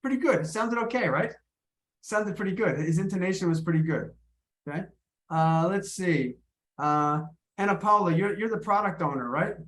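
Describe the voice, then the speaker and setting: A man's voice: high voice, lively intonation, normal speed, fairly bright tone. A man teaching English in an online video class, encouraging and often repeating his words as he coaches students. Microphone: video call.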